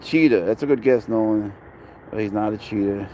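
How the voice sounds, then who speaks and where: Outdoors at a city dog park, a chatty New York man who vlogs about his pet rambles casually to passers-by and chat. His voice is lowish and mellow at a moderate pace, with slight background noise.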